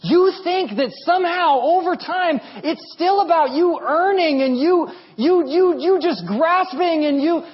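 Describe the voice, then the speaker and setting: A man in his thirties preaching a sermon as a pastor, telling stories in an animated, humorous way. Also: extremely high pitch, a little slow, few pauses, highs cut off.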